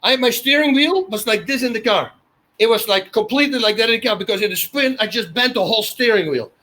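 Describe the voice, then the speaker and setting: A man, an interview guest telling wild anecdotes in an excitable way and laughing often. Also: very high-pitched, fast. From Netherlands. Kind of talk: animated storytelling in a casual interview.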